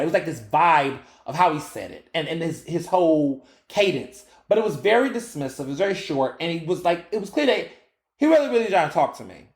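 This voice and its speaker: A man in his thirties hosting a podcast, telling a story in a casual, animated way and swearing freely. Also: on the high side, a little fast, reverberant. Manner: animated, acts out quoted dialogue, swears freely. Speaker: podcast host.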